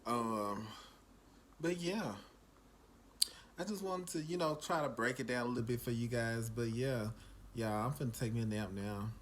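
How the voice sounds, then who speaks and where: A man, drowsy and stuffed after eating, giving a casual food review vlog in a relaxed, drawling, repetitive way. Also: mid-range voice, normal speed, long pauses, a little hiss or hum. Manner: relaxed, drawling, repeats himself, talks to viewers as y'all. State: sleepy and full after eating. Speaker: food vlogger.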